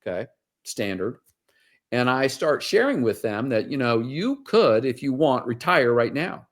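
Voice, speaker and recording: A man's voice: medium pitch, very animated, a little slow. A man, a financial advisor, talking casually as an interview guest and telling stories with many fillers and restarts.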